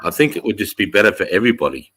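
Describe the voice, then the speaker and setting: A man's voice: fairly low pitch, animated, racing, a bit bright, husky. An Australian man hosting a casual livestream chat, ranting with heavy swearing. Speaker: livestream host.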